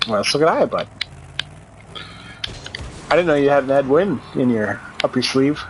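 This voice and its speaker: A man's voice: medium pitch, lively intonation, normal speed, slight background noise, low-quality recording. A man co-hosting a casual gaming stream, chatty and sarcastic, laughing often. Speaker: podcast co-host.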